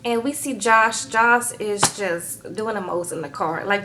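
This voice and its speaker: A woman's voice: medium pitch, a little slow, background noise. A woman recapping a reality show in a casual vlog, sassy and chatty, tagging her lines with "okay?" and "girl".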